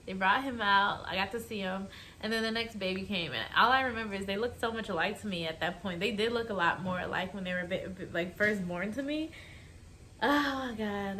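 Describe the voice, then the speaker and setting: A woman's voice: medium pitch, a bit bright. A young woman with a mid-range voice tells a personal story in a casual vlog. She talks chattily and with feeling, often speaking straight to her viewers. Faint background noise sits under the recording. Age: young adult. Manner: chatty, emotional, addresses viewers directly. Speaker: vlogger.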